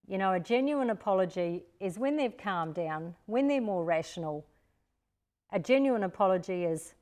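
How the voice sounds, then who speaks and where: A woman's voice: mid-range voice, lively intonation, normal speed, darkish tone. An older woman from Australia presenting a parenting seminar, talking straight to parents and acting out what to say to children. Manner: practical, talks directly to parents and acts out what to say to children. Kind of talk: live-streamed parenting seminar talk.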